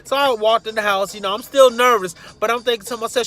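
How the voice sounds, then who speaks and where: High-voiced guy telling a funny story, bright and lively, faint music behind. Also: fast talker. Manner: casual and animated, acting out the quotes. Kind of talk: comic personal storytelling.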